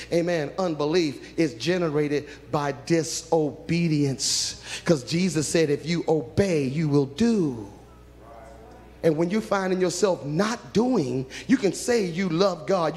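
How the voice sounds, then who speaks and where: Preacher, man, high tenor, impassioned sermon, roomy reverb. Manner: impassioned, climbing into shouts. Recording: reverberant hall.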